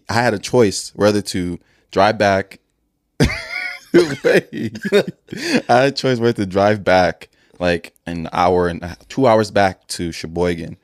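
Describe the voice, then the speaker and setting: A man with a very low, deep voice tells a rambling story in casual chat, laughing often along the way. The sound is dry and close, with no room echo. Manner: laughs often while telling stories. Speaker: podcast co-host.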